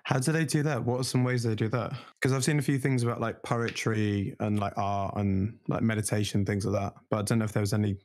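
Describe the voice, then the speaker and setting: A man's voice: on the low side, flat delivery, brisk, hardly any pauses, a little mellow. Curious man asking questions on a podcast. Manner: curious, asks questions, jokey. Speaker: podcast co-host. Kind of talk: casual discussion. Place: home, remote call.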